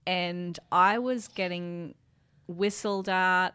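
A woman's voice: on the low side, fairly even intonation, sharp tone, clear, resonant tone, no room sound. Young woman, teasing and chatty. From Australia. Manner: playful, teasing, quick to laugh. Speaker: podcast co-host. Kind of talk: casual chat.

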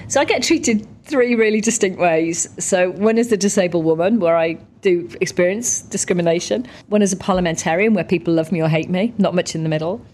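A woman from the UK, a guest in a conversational interview, chatty and lively when telling stories. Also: on the low side, brisk, few pauses, slight background noise. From United Kingdom. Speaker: interview guest, parliamentarian and ex-athlete.

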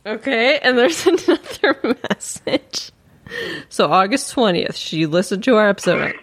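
A woman's voice: on the high side, sing-song, unhurried, slight background noise. A woman hosting a podcast, reacting to voicemails with wry amusement in a casual chat. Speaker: podcast host.

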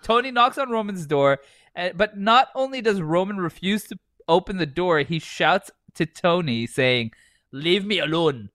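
Giggly man with a lively voice. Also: sits high, normal speed, no echo, studio quality. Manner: giggly, laughs through his lines, swears. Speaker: podcast co-host. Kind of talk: casual podcast chat and reading aloud.

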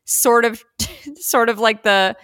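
A young adult woman co-hosting a podcast, chatting casually with lots of fillers and quick impressions of people. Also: a little high, fairly bright tone, clear, resonant tone, no room sound, studio quality. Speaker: podcast co-host. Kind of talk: casual chat.

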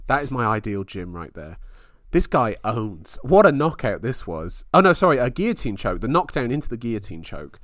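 A man co-hosting a casual fight podcast, excitable, laughing often and swearing freely. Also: mid-range voice, a little fast, no room sound, clean studio sound. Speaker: podcast co-host.

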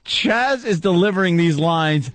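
A man's voice: sits high, expressive, measured pace, a bit bright, dry recording. A man co-hosting a comedy podcast, teasing his guest.

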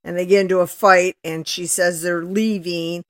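A woman over sixty co-hosting a podcast, talking in casual chat in a calm, reasoning, gently contrarian manner. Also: fairly low pitch, moderate pace, clean tone, dry recording, studio quality. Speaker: podcast co-host. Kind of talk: casual movie recap chat.

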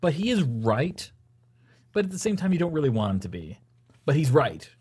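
A man's voice: a little high, sing-song, normal speed, warm tone, breathy edge. A man co-hosting a casual podcast chat, enthusiastic and often repeating words as he thinks. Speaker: podcast co-host.

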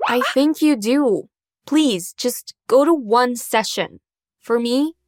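A woman's voice: on the high side, slow pace, dry recording, studio quality. A woman playing a worried, pleading mom. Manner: pleading, gently insistent. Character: worried caring mother of a teen.

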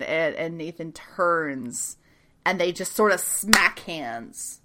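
A woman in casual chat, recapping a TV episode with lots of laughter and quick acted-out lines. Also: fairly low pitch, heavy background noise. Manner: animated, laughing, swearing, acts out characters in quick voices. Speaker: podcast co-host recapping a TV show.

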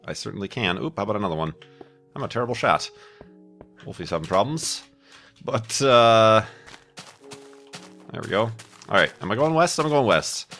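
A man's voice: fairly low pitch, lively intonation, normal speed, pauses often, a bit bright, soft background music. A man rambling chattily through casual let's-play commentary with self-mocking asides, a bit stuffy from a cold. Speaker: gaming YouTuber.

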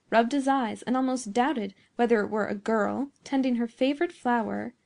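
A woman narrating a classic story in a measured, expressive reading. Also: a little high, gravelly.

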